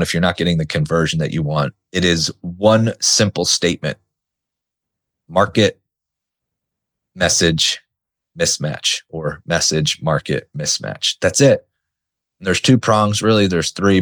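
Blunt, animated male podcast host. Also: low voice. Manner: blunt, animated, swears, mimics clients. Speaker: podcast host, business coach. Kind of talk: casual monologue.

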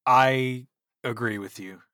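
A man's voice: medium pitch, slow pace, sharp tone, clear, resonant tone, dry recording, studio quality. A man co-hosting a podcast in easygoing casual chat, swearing offhandedly. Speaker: podcast co-host.

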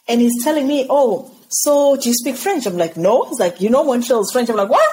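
A woman's voice: on the high side, moderate pace, a little hiss or hum, poor audio. Zimbabwean woman telling her story animatedly. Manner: animated, laughs often while telling stories. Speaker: guest. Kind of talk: podcast interview storytelling.

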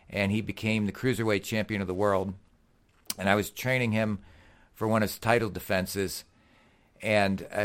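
A middle-aged man with a fairly low voice, a guest on a talk show telling stories about the athletes he trains. He is earnest and folksy, and his delivery gets animated as the stories build. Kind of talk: casual storytelling.

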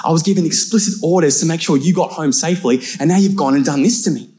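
Animated storytelling pastor, fairly high voice. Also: male voice, quick pace, hardly any pauses. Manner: animated, self-deprecating storyteller. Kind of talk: storytelling sermon.

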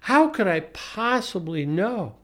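A man's voice: high-pitched, sing-song. Wry man telling a sardonic story. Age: 40s. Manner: wry, deliberate, with frequent restarts and asides. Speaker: commentator.

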